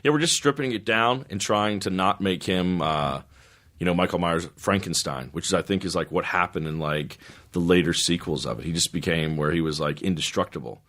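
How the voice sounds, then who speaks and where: A man's voice: low-pitched, brisk, fairly bright tone. A man chatting as a guest on a comedy podcast, laid-back with dry jokes. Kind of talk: casual comedy podcast chat.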